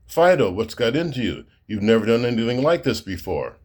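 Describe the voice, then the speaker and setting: A man's voice: medium pitch, very animated, fairly quick, a little mellow, pitched above the performer's own voice. A man voicing a dog owner in a joke he tells. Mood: scolding. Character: exasperated male dog owner.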